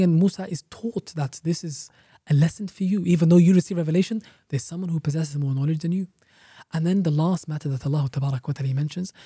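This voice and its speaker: A man's voice: fairly high pitch, dark tone, husky, no room sound, studio quality. A man, an Islamic teacher guest on a podcast, explaining a religious story emphatically with rhetorical questions and repeated phrases.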